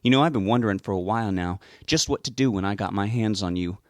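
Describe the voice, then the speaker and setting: A man's voice: on the low side, quick pace, dry recording, clean studio sound, lightly acted. A man reading an audiobook, voicing a towering, sadistic killer with a Southern drawl. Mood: taunting. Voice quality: drawling, mocking. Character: towering male serial killer, taunting and sadistic.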